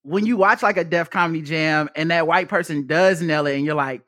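A young adult man hosting a podcast, chatting casually and animatedly with lots of swearing and quick mock impressions. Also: fairly high pitch, dry recording. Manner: profane, animated, jokey impressions in quotes. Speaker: podcast host. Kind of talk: casual chat.

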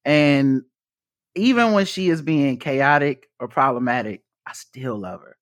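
A young adult man hosting a podcast, chatting casually and animatedly with lots of swearing and quick mock impressions. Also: mid-range voice, dry recording. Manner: profane, animated, jokey impressions in quotes. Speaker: podcast host. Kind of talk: casual chat.

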